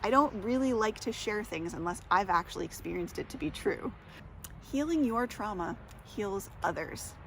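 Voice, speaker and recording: A woman's voice: mid-range voice, animated, moderate pace, fairly bright tone, slight background noise. A woman vlogger chatting casually outdoors, rambling, giggling and tripping over her words. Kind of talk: rambling casual vlog talk.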